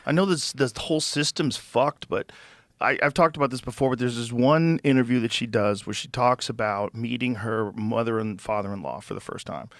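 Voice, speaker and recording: Man, podcast host, emphatic, repeats himself, casual swearing, mid-pitched, dry close mic. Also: moderate pace, fairly bright tone, no room sound. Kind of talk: casual conversation.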